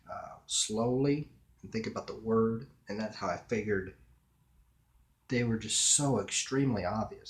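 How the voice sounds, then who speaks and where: A man's voice: on the low side, reverberant. A man rambling to camera in a casual solo vlog, drawing out words and chuckling as he muses. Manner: slow, drawn-out words with chuckles. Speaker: vlogger.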